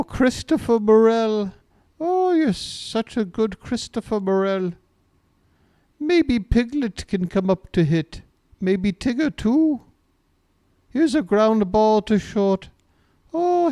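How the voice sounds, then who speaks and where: A man doing a dim, sweet cartoon bear, pitched very high above his own voice. He drawls slowly with soft fondness. The sound is dry and close, with no room around it. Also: sing-song, dry recording, full character voice. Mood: fond.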